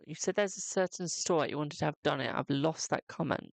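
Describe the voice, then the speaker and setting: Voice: mid-range voice, fairly quick, vocal fry, no echo. A tarot reader hosting a live-stream card reading, chatty and fond with viewers. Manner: chatty, calls viewers "my darling".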